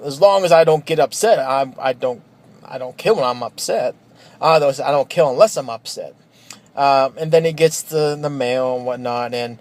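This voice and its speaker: A man casually reviewing a comic book, rambling with fillers and restarts. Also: medium pitch.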